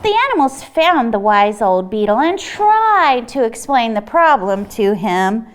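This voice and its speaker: A woman reading a picture book aloud at a children's storytime, expressive, with dramatic gasps. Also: on the high side, unhurried.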